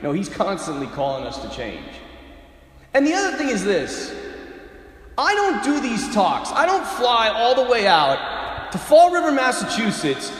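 Animated priest preaching in an echoey church. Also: male voice, high-pitched, a little slow. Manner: animated, acts out voices in stories, shouts for emphasis. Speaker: priest giving a parish mission talk. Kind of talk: sermon with storytelling. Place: large church with long reverb.

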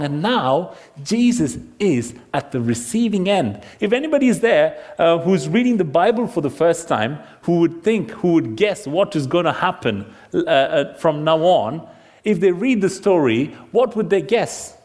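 A man preaching a sermon to a seated congregation. He asks rhetorical questions, acts out the voices in his stories and sometimes drops to a hushed tone for emphasis. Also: high voice. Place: church congregation.

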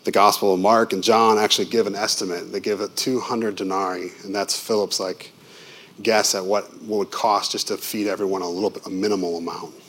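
A pastor delivers his sermon in a relaxed, conversational way, leaning on vivid asides and questions to his listeners. His voice sits on the low side for a man. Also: brisk.

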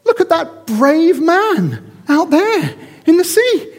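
A man voicing an imagined little boy who excitedly points out a brave swimmer. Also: very high voice, slow pace, pitched above the performer's own voice, heavily acted. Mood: awestruck. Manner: breathless, excited, near squealing. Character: awestruck little boy on a promenade.

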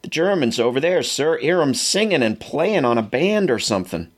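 A man's voice: mid-range voice, big pitch swings, normal speed, pitched above the performer's own voice. A man voicing a cheerful young soldier speaking respectfully to his officer. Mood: eager.

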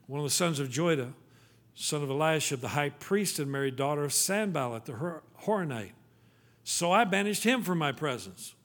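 A male pastor preaching a sermon, pleading with rhetorical questions, then dropping to a quiet, low tone for scripture readings. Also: expressive, normal speed.

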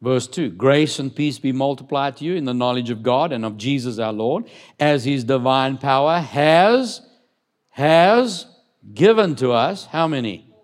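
Preaching to his flock, this male pastor builds toward booming, emphatic statements, then drops his voice to read from scripture and question the congregation. He takes his time, never rushing.

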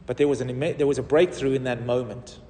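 A man's voice: mid-range voice, quick pace. Pastor man preaching in an echoey hall. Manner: animated storytelling, rising and falling in volume. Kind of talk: sermon testimony. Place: church hall. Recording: roomy hall reverb, distant mic.

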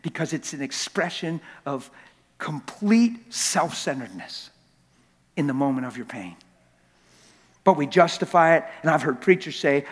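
Male preacher, high voice, emphatic and repetitive delivery with shouted peaks; long church-hall reverb. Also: very animated, normal speed. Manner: emphatic, repeats words for effect, rises to shouting at climaxes; jokes with the crowd. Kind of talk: sermon.

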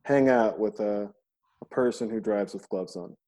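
A man's voice: lowish voice, moderate pace, warm tone. A middle-aged man hosting a podcast in casual chat, rambling and joking, acting out quotes and swearing freely. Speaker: podcast host.

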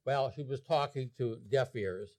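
A man lecturing on an opera, retelling its plot in an animated storytelling way. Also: mid-range voice, unhurried, faint music behind. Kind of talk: explaining an opera to an audience.

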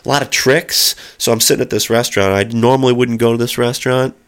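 A man's voice: medium pitch, steady tone, fast, fairly bright tone, clear, resonant tone. A middle-aged man telling a long, rambling story in casual chat, with lots of fillers and spoken sound effects.

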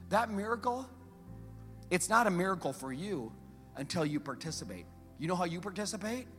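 A man preaching a sermon as a pastor, telling the story in a lively, conversational way, swinging from loud urgency to hushed emphasis and putting rhetorical questions to the congregation. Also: high voice, in a large hall.

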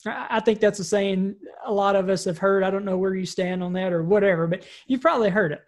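A woman's voice: medium pitch, steady tone, fast talker, a little mellow. Woman, personal development trainer, loose conversational delivery, repeats and restarts phrases. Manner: conversational, frequent "right?" tag questions; repeats and restarts words while thinking. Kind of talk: recorded training talk.

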